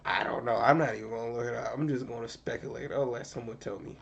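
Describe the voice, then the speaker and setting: A young man streaming from his computer, ranting in an animated, profane, skeptical way, full of restarts. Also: mid-range voice, quick pace, vocal fry, muffled recording, slight background noise. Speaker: streamer reacting to movie news. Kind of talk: casual rant on stream.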